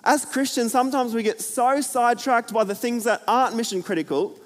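A man preaching a sermon to a church, chatty and energetic, full of fillers and jokes. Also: extremely high pitch, brisk. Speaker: pastor. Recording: hall reverb.

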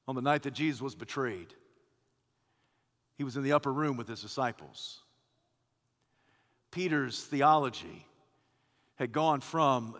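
A man preaching a sermon as pastor, swinging between loud declarations and hushed, quiet lines. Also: mid-range voice, measured pace, pauses often. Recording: long hall reverb.

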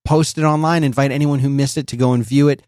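Male podcast co-host, relaxed storyteller, mid-range voice, dry close mic. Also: mid-range voice, fast, no room sound. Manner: easygoing, laughs often, tells anecdotes. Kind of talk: casual chat, reads a sponsor spot.

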